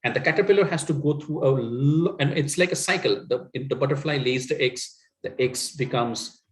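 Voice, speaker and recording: A man's voice: medium pitch, moderate pace, reverberant, low-quality recording. A middle-aged man from Assam, India, who speaks English with an Indian accent and whose first language is Assamese. As a communication coach, he gives a motivational talk in an earnest way, with many fillers and tag questions.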